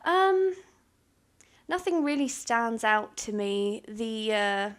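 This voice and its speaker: A woman's voice: on the high side, big pitch swings, takes it slowly. A young British woman chatting casually as a YouTuber answering viewer questions, candid and self-deprecating, laughing often between fillers. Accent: British English. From United Kingdom. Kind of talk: casual Q&A chat.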